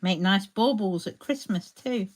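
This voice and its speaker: In a medium-pitched voice and at a measured pace, a woman runs a live crafting session. She paints while chatting and calling out viewers by name.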